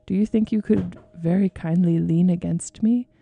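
A woman's voice: lowish voice, steady tone, moderate pace, vocal fry, breathy edge, narrow, tinny audio. A woman voicing a confident, slightly bossy young boy with a breezy, know-it-all manner.

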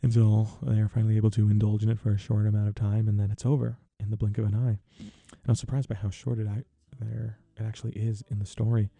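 Gravelly-voiced man in heartfelt film talk. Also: lowish voice, level tone, quick pace, few pauses, no room sound. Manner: earnest and heartfelt, with soft laughs. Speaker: film reviewer. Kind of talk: casual spoken film review.

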